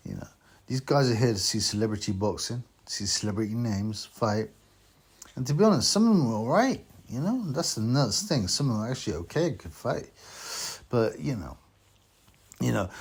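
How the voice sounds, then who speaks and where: A man vlogging about boxing in a casual, rambling way, slightly drunk and slow, with many fillers. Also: mid-range voice, expressive, darkish tone, husky. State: tipsy from drinking.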